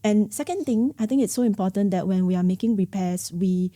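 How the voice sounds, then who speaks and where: A woman, calmly giving parenting advice on a podcast panel. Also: mid-range voice, fairly quick. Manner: calm, advisory explaining.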